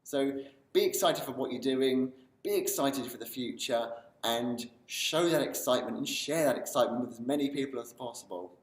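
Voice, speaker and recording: A man with a mid-range voice speaks at a moderate pace in a motivational video series, talking to camera with growing enthusiasm. The recording has a roomy quality, as if the mic were some distance away.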